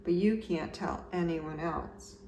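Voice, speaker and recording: A woman voicing a young male turtle, earnest and worried, in a children's storybook read-aloud, pleading in a slightly raised voice. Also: takes it slowly. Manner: pleading, higher and brighter than the narration. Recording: roomy echo, slightly distant mic, faint background noise.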